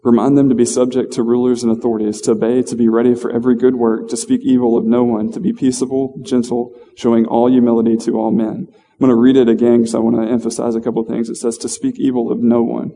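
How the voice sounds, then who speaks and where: Man, informal sermon, flat delivery, mellow voice, lots of restarts. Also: mid-range voice, long reverb tail. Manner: conversational, self-deprecating, halting with fillers and restarts. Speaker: lay preacher. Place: church hall.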